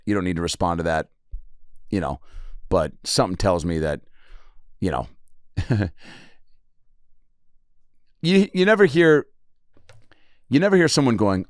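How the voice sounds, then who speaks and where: A man in his forties hosts a solo comedy podcast, rambling from one bit to the next with a lot of swearing. His voice sits fairly low but swings widely in pitch as he acts out other people. The sound is dry and close to the mic. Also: very animated, a little slow, pauses often, dry recording. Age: 40s. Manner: rambling, profane, jumps into acted-out voices.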